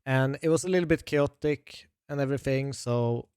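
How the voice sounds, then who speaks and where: Smooth-voiced, measured male co-host. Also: mid-range voice, darkish tone, no room sound, clean studio sound. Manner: measured and explanatory, with frequent hesitations. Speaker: podcast co-host. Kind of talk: casual podcast chat.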